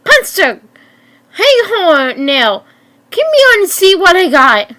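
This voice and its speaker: A woman voicing a greedy, scheming man who runs dog fights, loud and excited, in an amateur story reading where she stumbles over words. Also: high-pitched, takes it slowly, voice pushed up, full character voice.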